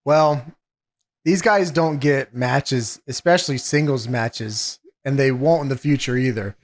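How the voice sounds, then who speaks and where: A man's voice: medium pitch, measured pace. A man hosting a podcast, giving a casual, matter-of-fact play-by-play recap with a teasing edge. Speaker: podcast host recapping a match.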